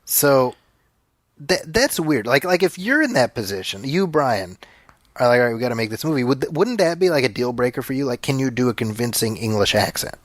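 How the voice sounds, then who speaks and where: A man's voice: mid-range voice, sing-song, normal speed, no room sound. A man co-hosting a podcast film commentary in a casual, joking way, often stumbling over repeated words as he thinks aloud. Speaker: podcast co-host.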